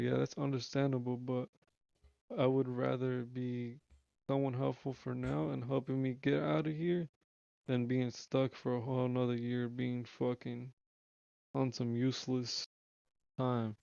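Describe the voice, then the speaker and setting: A young man tells a rambling story on a live stream, his voice gravelly yet smooth and resonant, held in a flat, even tone. He talks in slang, swears freely and restarts his sentences. The sound is dry and a little dull. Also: mid-range voice, a little slow, no echo. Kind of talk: casual storytelling on a livestream.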